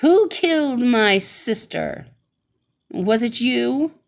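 A vengeful wicked witch from a storybook, as a woman puts her on, speaking in slow, drawn-out threats. Her demands swing widely in pitch and come across as menacing. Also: animated, creaky, full character voice.

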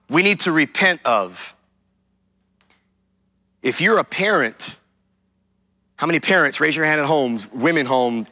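Guy preaching a sermon, kinda high voice, super forceful and sharp, keeps repeating stuff to the crowd. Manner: emphatic preaching that repeats key lines and addresses the congregation. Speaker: pastor.

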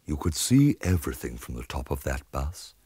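A man voicing a dreamy, eccentric middle-aged gentleman, mournful and drifting into whispers, on a comic spoken-word record. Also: very deep voice, very animated, normal speed, husky, no room sound, voice pushed down, full character voice. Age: 40s.

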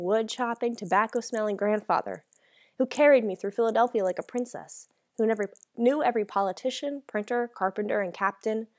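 A woman's voice: a little high, darkish tone. A woman narrating a first-person novel as an audiobook, reading in a dramatic, emotional way.

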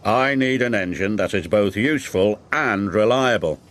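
A man's voice: fairly low pitch, animated, normal speed, noisy background, lightly acted. A man voicing a formal male railway boss in a storybook reading, with background music. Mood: stern.

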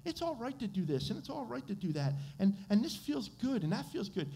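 A man's voice: very high-pitched, brisk, creaky, a little hiss or hum. A man with an American accent preaching a sermon as pastor, quizzing his congregation and answering his own questions. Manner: animated, asks the congregation questions and answers them. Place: church sanctuary.

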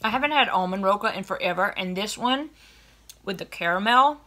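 Gushing chatty woman, bright voice. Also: mid-range voice, animated, fairly quick. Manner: gushing and chatty, lots of oh my goodness. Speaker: vlogger unboxing a snack box. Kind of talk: casual chat.

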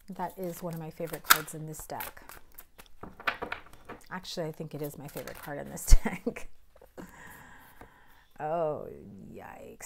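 A woman with a hoarse, low-pitched voice gives a chatty tarot reading to camera and often sinks into a breathy half-whisper. She keeps clearing her throat while she talks. A faint hiss sits under the recording. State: hoarse, recovering from illness. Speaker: tarot reader.

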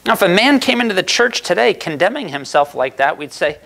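A man's voice: sits high, very animated, a little fast, creaky, sharp tone. A man preaching a sermon as pastor, earnest and emphatic, asking the congregation rhetorical questions.

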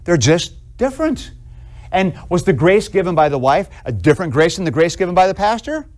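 A man lectures on theology in a classroom, his voice pitched a little high. He talks in a lively, conversational way, putting questions to his students and acting out small everyday scenes. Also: brisk. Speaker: theology professor.

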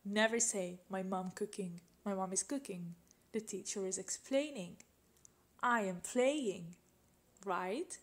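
A woman's voice: mid-range voice, slow. A woman teaching an English grammar lesson, patiently asking questions and repeating example sentences.

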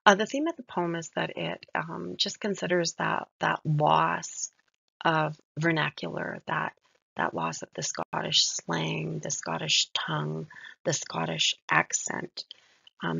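In a dull, dry, lo-fi recording, a woman lectures briefly on a poem, admiring and reflective as she goes through it line by line. She speaks softly in a low, gravelly, slightly rough voice.

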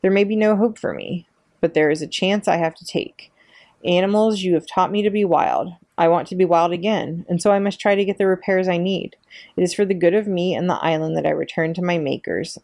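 A woman reading aloud, voicing a gentle, frail female robot who speaks in a measured, earnest way. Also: on the low side, gravelly, no room sound, clean studio sound. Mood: calm, earnest.

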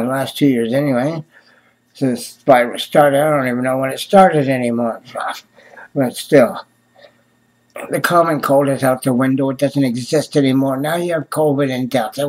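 A man ranting casually to the camera in a rambling, exasperated way, swearing often and muttering asides between sighs. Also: a little high. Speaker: vlogger.

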